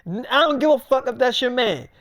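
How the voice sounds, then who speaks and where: A man's voice: extremely high pitch, animated, brisk, no echo, voice pushed up. A man voicing a furious young male rapper who rants with constant profanity during a live stream. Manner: profane shouting rant.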